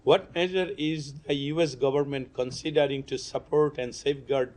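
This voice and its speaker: A man's voice: medium pitch, fairly even intonation, moderate pace, darkish tone. A male reporter with a lost voice, politely reading long formal questions at a press briefing and coughing. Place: briefing room.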